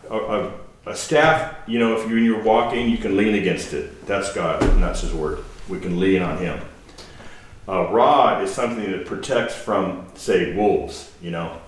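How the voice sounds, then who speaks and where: A man giving an informal, halting sermon with asides, as a guest preacher. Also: deep voice. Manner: conversational, halting, with restarts and asides. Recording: echoey hall from a distance with faint noise.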